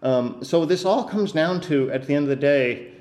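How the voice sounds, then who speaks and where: With a higher-leaning voice, lively intonation and a darkish tone, a man hosts a podcast at a moderate pace. In this casual rant he tears into a text with disbelief, hesitating and stumbling over many restarts and fillers.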